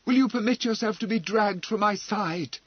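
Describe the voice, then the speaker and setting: A man's voice: high-pitched, normal speed, husky, dry recording, dull audio, pitched above the performer's own voice. A man voicing an impetuous, melodramatic young man who speaks indignantly, in an audiobook. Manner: indignant, theatrical.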